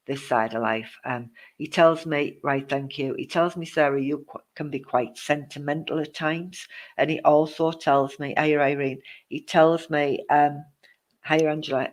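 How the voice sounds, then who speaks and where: A man giving a live-streamed psychic reading, reassuring the viewer with endearments and greeting others as they join. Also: mid-range voice. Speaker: psychic medium.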